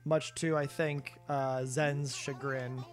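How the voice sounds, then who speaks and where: A man's voice: mid-range voice, level tone, slow, soft background music. A man live-streaming a video game, chatting casually with viewers in a rambling, self-deprecating way. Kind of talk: casual live-stream chat while gaming.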